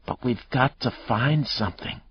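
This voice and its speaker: A man's voice: medium pitch, measured pace, highs cut off, slight background noise, pitched above the performer's own voice, lightly acted. A man doing a frail, frightened captive mother. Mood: weak, urgent. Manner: frail, whimpering.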